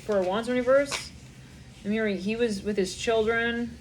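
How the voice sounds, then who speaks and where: A woman's voice: on the high side, fairly even intonation, moderate pace, noisy background. A young woman giving a channeled tarot reading, rambling in a stream of consciousness, swearing and laughing often. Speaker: tarot reader.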